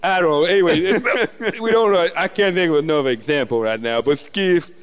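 A man's voice: a little high, fairly quick, a little hiss or hum, pitched above the performer's own voice, natural voice. A podcast host playing a bumbling male guard with a lisp in improvised comedy role-play, rambling and giggly. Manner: rambling, giggly, self-deprecating.

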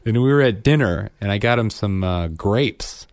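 A man in his thirties with a lowish voice that swings widely as he tells animated family stories. He co-hosts a casual conversation and acts out the lines of the people in his anecdotes. The sound is close and dry. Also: normal speed, no room sound. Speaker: podcast co-host. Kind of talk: casual chat.

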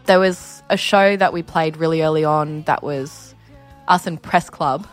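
A young Australian woman in her twenties, a musician being interviewed, telling stories in a chatty, lively way full of acted-out quotes. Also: low voice, unhurried, soft background music. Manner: chatty, animated storytelling with lots of "like" and acted-out quotes. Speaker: musician guest. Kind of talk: candid casual interview.

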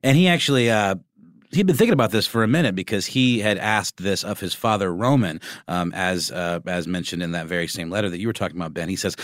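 A man's voice: low-pitched, fast, no room sound, studio quality. A man co-hosting a podcast, chatting casually and joking with slang. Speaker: podcast co-host. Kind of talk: casual chat.

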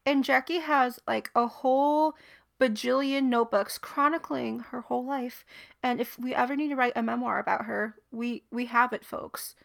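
Giggly, gravelly-voiced young woman podcaster. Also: on the high side, normal speed. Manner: giggly, rambling and animated. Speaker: podcast co-host. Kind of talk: casual chat.

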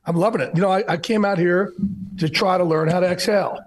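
A man's voice: high-pitched, fast. A man in his fifties from New Jersey, a radio guest talking candidly over a video call, restarting words as he goes. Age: 50s. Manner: candid, energetic, repeats words when starting a thought. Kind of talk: casual interview chat.

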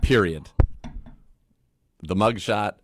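A man's voice: on the low side, slow pace, slight background noise. A man co-hosting a sports radio show, making blunt, emphatic points in casual chat. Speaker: co-host.

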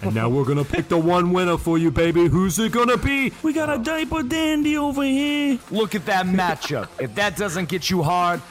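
A man putting on a hyped male basketball announcer with a New York accent, shouting catchphrases. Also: sits high, normal speed, few pauses, faint music behind, pitched above the performer's own voice, natural voice.

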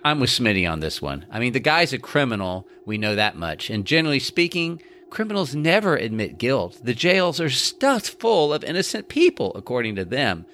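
Bright-voiced joking man in banter. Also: mid-range voice, very animated, moderate pace, few pauses, a little hiss or hum. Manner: joking, sarcastic, laughs often. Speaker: podcast co-host. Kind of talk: casual banter and commentary.

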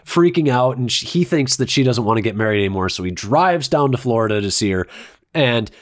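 A man's voice: mid-range voice, lively intonation, a little fast. A man ranting sarcastically and swearing freely in a casual movie review chat.

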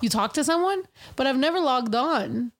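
A woman's voice: high-pitched, normal speed. A woman co-hosting a casual chat show, telling stories animatedly, swearing freely and acting out what people said. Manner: animated storyteller, swears freely, acts out quotes. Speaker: podcast co-host.

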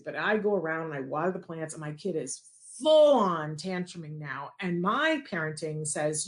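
A woman telling a personal story as a parent, animated and acting out the quoted dialogue. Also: deep voice, normal speed.

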